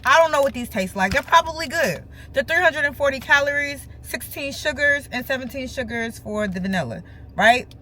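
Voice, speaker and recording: A woman with telling a casual storytime vlog from her car, acting out other people's lines in an animated way. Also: high voice, moderate pace, a little hiss or hum. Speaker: vlogger. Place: parked car.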